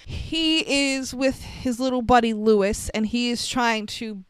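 Woman doing a laid-back movie recap, super clean smooth voice, dry close sound, jokey. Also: a little high, unhurried, no room sound. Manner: chatty, wry, laughs often. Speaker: podcast co-host.

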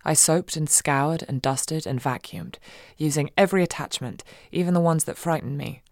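Low-voiced woman narrating an audiobook. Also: moderate pace, dry recording, clean studio sound. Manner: wry, expressive, swings between giddy and hushed. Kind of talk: first-person audiobook narration.

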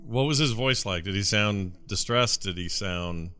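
Bright-voiced male player asking questions. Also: lowish voice, unhurried, clear, resonant tone. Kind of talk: casual tabletop play.

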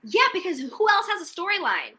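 A woman's voice: very high-pitched, very animated, a little fast, sharp tone. A young woman chatting casually and animatedly, with a sassy, emphatic way of talking. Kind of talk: casual reality-TV gossip chat.

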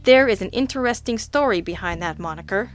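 A woman voicing a nervous, whiny little man who is a small-time informant in a storybook reading, raising her voice high for him. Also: expressive, brisk, faint music behind, lightly acted. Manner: whining, flustered, eager to please.

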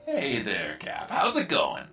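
A scheming ship computer from a cartoon, voiced by a man, oozes false friendship with huge leaps in pitch. His tone is bright and edged, and the voice sits a bit far from the mic. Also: huge pitch swings, takes it slowly, creaky, faint music behind, heavily acted. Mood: fawning. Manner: oily, fawning, sinister.

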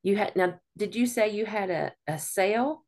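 A woman host with a gravelly, creaky texture to her mid-pitched voice. She questions her guest gently and fills pauses with frequent affirmations. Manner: supportive, frequent affirming backchannels. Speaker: podcast host. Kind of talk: interviewing.

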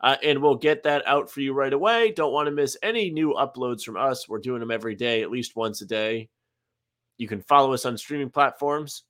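A man's voice: medium pitch, fairly quick, a bit bright. A man co-hosting a sports podcast in casual chat, laid-back with dry jokes and reading the outro plugs. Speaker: podcast co-host.

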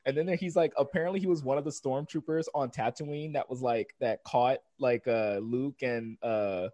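A young man co-hosting a casual chat, laughing often and acting out scenes in silly high voices. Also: moderate pace, mellow, no echo. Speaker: podcast co-host.

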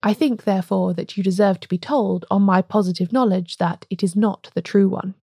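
Woman reading as a calm little old priest. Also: mid-range voice, slightly rough, no room sound, clean studio sound. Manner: calm, measured, respectful. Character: quiet, courteous old male priest.

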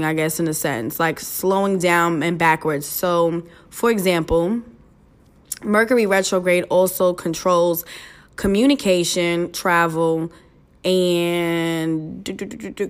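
Chatty, swearing woman podcast host. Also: lowish voice. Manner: chatty and loose, swears freely, fillers and restarts, laughs at herself. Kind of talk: casual solo podcast chat.

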